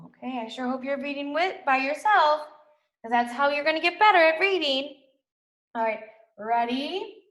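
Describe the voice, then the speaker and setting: A young woman teaching a recorded reading lesson to small children, sounding out letters and words with steady encouragement. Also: high-pitched, moderate pace, echoey room.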